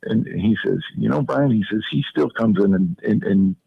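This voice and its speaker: Ex-player radio guest, raspy gravelly man, halting delivery. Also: lowish voice, no echo, narrow, tinny audio. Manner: halting, repeats words, many fillers. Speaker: former football player and radio co-host. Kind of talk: casual reminiscing on radio.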